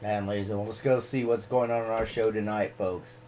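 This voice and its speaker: Man, stream host, low-pitched voice, rambling rant, faint background hiss. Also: fairly even intonation, fast talker, darkish tone. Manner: rambling, ranting, swears freely. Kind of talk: casual live-stream commentary.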